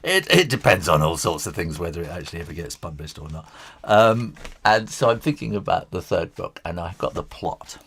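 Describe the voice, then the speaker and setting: A man's voice: sits low, big pitch swings, a little fast, gravelly, a bit bright, slight background noise. A middle-aged man, an author and illustrator, talking through a live drawing lesson in a hesitant, rambling way with little chuckles. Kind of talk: live drawing tutorial, thinking aloud.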